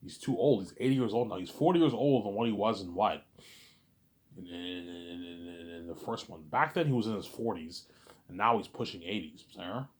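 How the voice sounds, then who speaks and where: Guy rambling on excitedly, low-ish voice, keeps stumbling and restarting. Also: a little fast. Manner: excited, repeats words and restarts often; says "you know what I'm saying" a lot. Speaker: host of a listening series. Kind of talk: rambling casual monologue.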